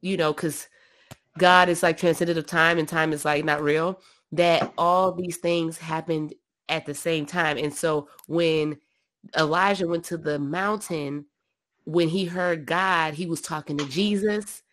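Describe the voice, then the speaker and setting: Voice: mid-range voice, fairly even intonation, measured pace, a bit bright. A person in casual chat about scripture, rambling and correcting themselves while thinking aloud.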